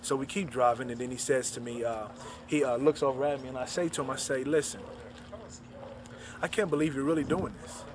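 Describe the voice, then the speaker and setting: A man, an author, recounting a personal story and retelling the dialogue in quick back-and-forth. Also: medium pitch, fairly even intonation, a little hiss or hum.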